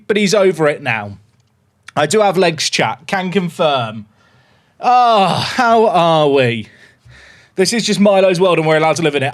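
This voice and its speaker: A man chatting casually to viewers on a livestream from his home office, upbeat and talkative. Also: high-pitched.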